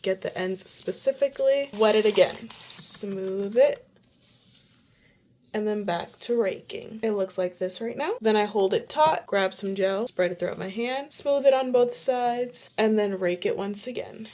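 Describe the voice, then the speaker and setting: A woman's voice: medium pitch, a little slow, darkish tone, a little hiss or hum. A young woman talking casually through a hair tutorial at home, chatty and narrating each step. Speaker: vlogger.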